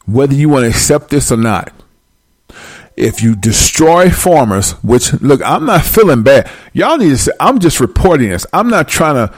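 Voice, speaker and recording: A man delivering a profane, preachy comedic rant straight to his viewers. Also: a little high.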